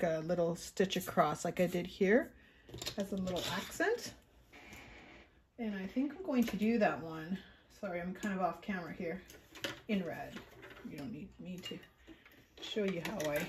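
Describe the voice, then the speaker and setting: A woman chatting casually through a craft tutorial, thinking aloud as she works and often clearing her throat. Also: medium pitch, background noise. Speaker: craft vlogger.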